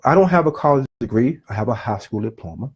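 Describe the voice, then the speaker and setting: A man's voice: mid-range voice, expressive, quick pace, husky. A middle-aged man giving an earnest, rambling motivational talk, often restarting his sentences and drifting off his point. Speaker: self-published author giving a talk.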